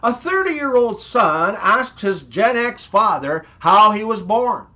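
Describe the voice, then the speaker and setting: A man hosting a comedy channel, telling scripted jokes and one-liners in deliberate setups with pauses before each punchline. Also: high voice, sing-song, sharp tone.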